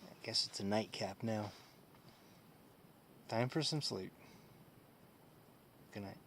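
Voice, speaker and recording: A man's voice: fairly low pitch, fairly bright tone, a little hiss or hum, poor audio. A man vlogging from his tent on a camping trip, groggy and rambling with lots of fillers. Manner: rambling, halting, many fillers. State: groggy just after waking. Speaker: motocamping vlogger. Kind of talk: casual camp vlog. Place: inside a hot tent with a wood stove.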